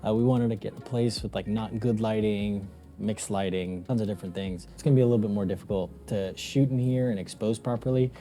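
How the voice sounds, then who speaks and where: A young man mentoring a beginner in a casual teaching vlog, emphatic and animated, laughing often. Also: fairly low pitch, a little fast, hardly any pauses, soft background music.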